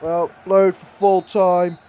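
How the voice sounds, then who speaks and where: A man with a high, bright-edged voice calls his football video game live, play by play, from a desk mic. He gets excitable and breaks into shouts whenever a chance comes, over a faint bed of background noise. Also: slow, muffled recording. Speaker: gaming YouTuber.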